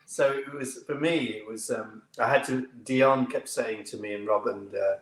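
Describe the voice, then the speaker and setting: A man from the United Kingdom, an actor, telling anecdotes in an interview with lively delivery and frequent laughter. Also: mid-range voice, normal speed. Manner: lively storyteller, laughs often, acts out other voices. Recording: roomy echo.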